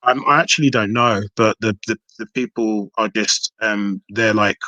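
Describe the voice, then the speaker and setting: A man in a relaxed podcast chat, rambling and restarting often as he talks about his music. His voice sits a little low and sounds dry and close, with no room echo. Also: normal speed, muffled recording. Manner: rambling, many restarts and fillers. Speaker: hip hop artist. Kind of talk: casual podcast interview.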